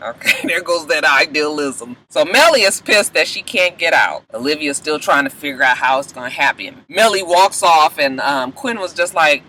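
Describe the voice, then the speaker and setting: High, bright-voiced man recapping TV. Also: sing-song, moderate pace, few pauses, rough recording. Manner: sassy, profane, acting out the characters' lines. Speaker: TV recap vlogger. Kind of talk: casual TV episode recap.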